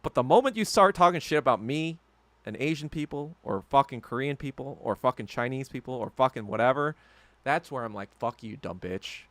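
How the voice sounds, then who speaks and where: A man hosting a solo podcast, ranting heatedly and with heavy profanity, swinging from low muttering to loud outbursts. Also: lively intonation, brisk, dry recording. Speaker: podcast host.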